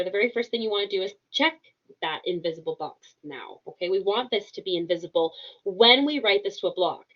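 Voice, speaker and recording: A woman walking viewers through a software tutorial, upbeat and instructive, often checking in with "okay?". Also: mid-range voice, muffled recording. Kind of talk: screen-share tutorial narration.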